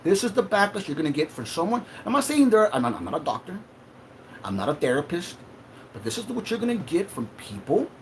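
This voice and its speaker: Male livestream host, heated and swearing, slightly high voice that swings widely in pitch. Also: slight background noise. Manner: emotional, profane, confrontational.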